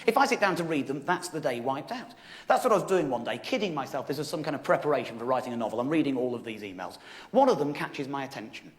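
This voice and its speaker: A man's voice: mid-range voice, animated, fast talker. Wry man telling a comic story. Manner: wry, exasperated, self-mocking delivery with frequent laughter. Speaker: stand-up comedian. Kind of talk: stand-up storytelling. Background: audience laughter.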